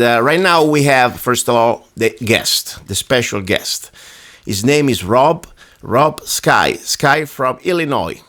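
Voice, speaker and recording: A man's voice: medium pitch, noisy background. A man with a foreign accent hosting a talk radio show, speaking casually and energetically and laughing often. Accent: foreign-accented English. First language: not English.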